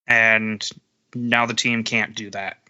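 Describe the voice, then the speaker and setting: A man co-hosting a sports podcast, recounting games in casual animated chat. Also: on the low side, slow, clean tone, dull audio. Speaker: podcast co-host.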